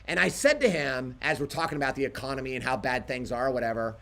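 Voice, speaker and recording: A man co-hosting a casual livestream, telling animated stories and quoting himself along the way. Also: mid-range voice, fast, vocal fry. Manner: animated storytelling, quotes himself. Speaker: livestream co-host.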